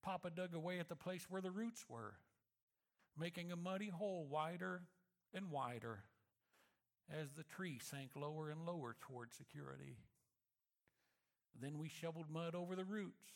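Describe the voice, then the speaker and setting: Man, high pitch, sermon storytelling, reflective, soft emphasis. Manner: reflective, slows and softens for emphasis.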